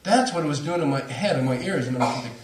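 A man's voice: on the high side, quick pace, far from the mic, very noisy. Man telling a story in a roomy hall. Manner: animated, laughing storyteller. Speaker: lecturer on near-death experiences. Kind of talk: storytelling at a talk.

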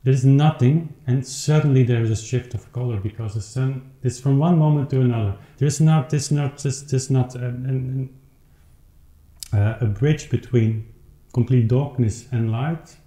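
A man who speaks as an explains his recording in thoughtful, halting speech, playing his clavichord between remarks. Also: medium pitch, warm tone. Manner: thoughtful, halting, with many restarts while counting beats and playing. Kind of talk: informal spoken commentary on a piece. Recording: roomy home recording with instrument.

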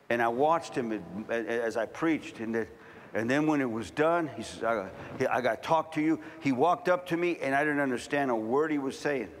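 A middle-aged man preaching a sermon, telling stories and building to fervent shouting. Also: medium pitch, slight background noise. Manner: storytelling, rising to fervent shouting.

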